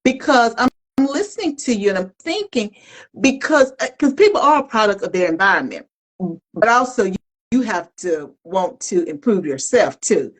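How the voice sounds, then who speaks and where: Animated, expressive woman co-host. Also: mid-range voice, moderate pace, poor audio. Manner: animated, colloquial, self-reflective. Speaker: podcast co-host. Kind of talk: candid conversational talk.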